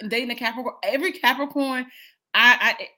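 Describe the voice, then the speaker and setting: A woman in her thirties chatting casually over a video call, blunt, profane and animated, often laughing. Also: a little high, a little fast. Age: 30s. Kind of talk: casual chat.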